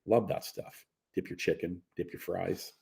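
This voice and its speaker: A man reading a first-person story aloud in a relaxed storytelling way. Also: sits low, unhurried, creaky. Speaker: narrator. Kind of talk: first-person audiobook narration.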